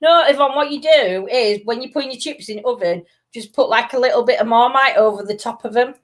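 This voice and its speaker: A woman's voice: on the high side, fairly quick. A woman chatting casually on a live stream, reading out viewer comments. She laughs often and drops her articles. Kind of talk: casual chat.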